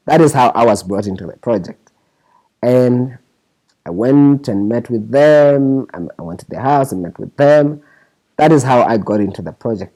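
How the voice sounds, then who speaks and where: A man in his thirties speaks candidly about his scriptwriting career in an interview. His voice is husky and mellow and moves lively up and down. He restarts phrases often and acts out other people's lines as he goes. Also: medium pitch, normal speed, low-quality recording. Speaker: scriptwriter guest.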